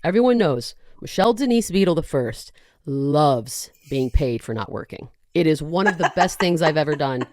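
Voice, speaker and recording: A woman hosting a podcast in casual chat, animated and sarcastic, often breaking into rants. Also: deep voice, moderate pace, no room sound, studio quality. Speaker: podcast host.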